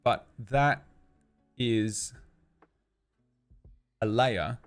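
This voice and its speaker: A man's voice: medium pitch, extremely slow, soft background music. A man co-hosting a casual chat podcast, rambling in a self-deprecating way. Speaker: podcast co-host.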